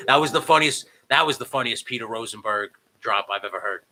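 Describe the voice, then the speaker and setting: A man co-hosting a podcast from home, talking in a casual, animated and profane way. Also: mid-range voice, brisk. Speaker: podcast co-host. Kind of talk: casual chat. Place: home, remote recording.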